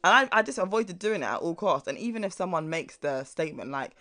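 A young man talks fast in a casual podcast chat, his voice sitting a little high. He is animated and laughs easily, with the odd casual swear. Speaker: podcast co-host.

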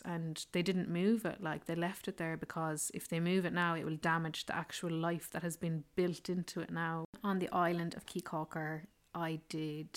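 A woman telling a rambling, casual travel story, full of "like" and "yeah". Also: on the low side. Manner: chatty, rambling, fond of fillers like "like" and "yeah". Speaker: travel vlogger.

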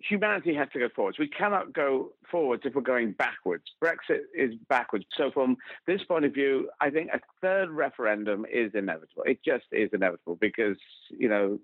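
A man's voice: medium pitch, dry recording. A man campaigner and comedian giving an emphatic, rambling interview answer. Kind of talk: interview clip. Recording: dry, phone-like narrow sound.

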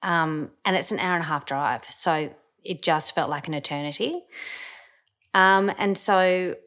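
A woman telling a personal story in the first person, hesitant, with frequent pauses, ums and restarts. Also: lowish voice, a bit bright. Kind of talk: emotional first-person recollection.

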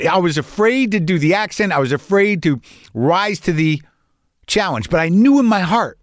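A man's voice: a little high, lively intonation, brisk, dry recording, clean studio sound. Rambling, earnest middle-aged man. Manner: rambling, earnest, swears casually. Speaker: actor. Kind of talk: casual personal vlog monologue.

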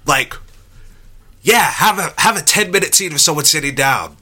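A podcast co-host talking movies in a loose, casual way. His voice is very bright and swings widely in pitch, jumping up when he jokes. He laughs easily. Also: normal speed. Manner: animated, laughs often, jumps pitch when joking. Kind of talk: casual film chat.

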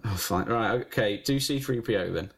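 A man's voice: fairly low pitch, moderate pace, creaky, background noise. A man co-hosting a comedy podcast, teasing and pushy in casual banter, laughing often. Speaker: podcast co-host.

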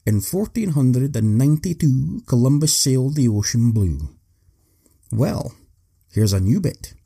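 A man's voice: medium pitch, creaky, warm tone, breathy edge. A man hosting a talk, telling history with wry, joking asides. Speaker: host. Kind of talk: humorous storytelling.

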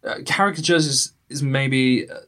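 Measured man hosting a film review. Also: medium pitch, a bit bright. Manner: measured, thoughtful, leads the talk. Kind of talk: casual film review chat.

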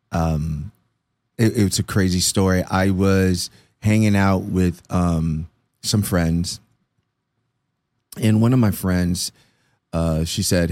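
A man's voice: deep voice, no room sound. A middle-aged man, an interview guest telling stories in casual talk and acting out the people he quotes. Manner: animated storyteller acting out quoted dialogue.

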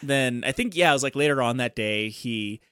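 A man's voice: mid-range voice, moderate pace, fairly bright tone, clear, resonant tone, no echo. A young man co-hosting a podcast, agreeable and chiming in with frequent yeahs as he retells a TV episode. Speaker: podcast co-host. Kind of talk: casual chat recapping a TV show.

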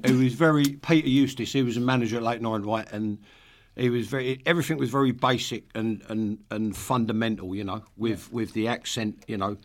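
An older man from East London, a former football player and manager, appears as a podcast guest. In a steady, mid-range voice at a slightly fast pace, he tells rambling, blunt stories packed with swearing and wisecracks in casual chat.

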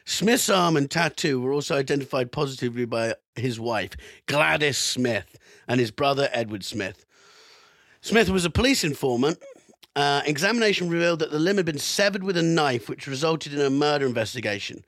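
A man's voice: fairly high pitch, animated, a little fast, a bit bright, no room sound. Guy on a podcast reading out a weird old news story, swears a bit, dead dry sound. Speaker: podcast co-host. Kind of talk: casual chat, reading out history.

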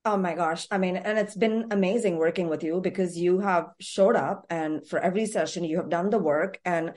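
A woman's voice: lowish voice, moderate pace, a little mellow. A woman life coach hosting a podcast, explaining with emphatic conviction and affirming her guest. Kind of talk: conversational interview.

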